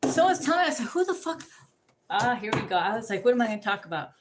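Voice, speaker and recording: A woman ranting casually to the camera, profane and rambling, telling animated stories. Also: medium pitch, racing, background noise.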